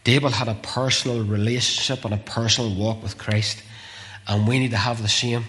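A man preaching a sermon with passion, repeating phrases and swinging from urgent calls to hushed, near-whispered lines. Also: mid-range voice, steady tone, brisk.

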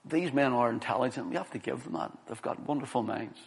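A man's voice: mid-range voice, quick pace, vocal fry. A middle-aged man preaching a sermon and telling a story from his own life, earnest and building to emphatic stresses.

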